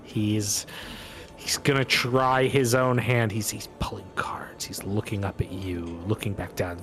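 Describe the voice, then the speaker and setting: A man acting as game master, narrating in a relaxed, hesitant way. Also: on the low side, unhurried. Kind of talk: running a tabletop game.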